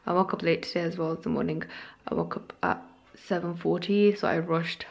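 A young woman chats to the camera in a relaxed, rambling way, tired and a little out of breath after a long day. Her voice sits on the lower side and carries a gravelly fry. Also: a little fast. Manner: rambling, chatty, self-deprecating, slightly out of breath. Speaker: vlogger. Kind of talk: casual vlog chat to camera. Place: bedroom at home.

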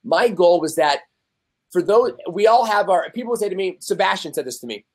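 A young man talks openly as a podcast guest, animated and quick to act out the people he quotes. His voice sits slightly high for a man. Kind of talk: casual conversational interview.

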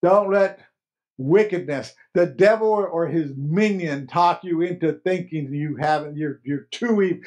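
A man's voice: a little high, measured pace, darkish tone. A man preaching a sermon as pastor, earnest and emphatic, repeating key phrases.

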